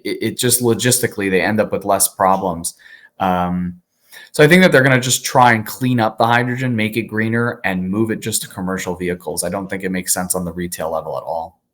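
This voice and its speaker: A man who is an attorney, speaking as an interview guest, candid and animated with frequent fillers. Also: lowish voice.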